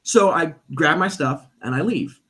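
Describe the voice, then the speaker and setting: A man's voice: a little high, measured pace. A man, a guest on a podcast, telling a story in casual chat and acting out the voices of the people in it. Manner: animated, acts out quoted voices. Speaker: stage performer.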